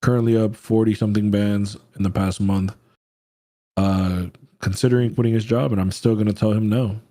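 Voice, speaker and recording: Laid-back slangy man with a low, mellow voice. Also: steady tone, normal speed, no room sound. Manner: laid-back, slangy and profane, reads chat aloud. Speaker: livestream trading host. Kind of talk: casual livestream chat, answering viewer questions.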